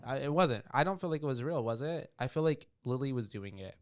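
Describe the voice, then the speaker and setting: A man's voice: medium pitch, lively intonation, a little fast. A man co-hosting a podcast, recapping a film in rambling casual chat with lots of fillers and swearing. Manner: rambling, profane, with many fillers. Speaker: podcast co-host.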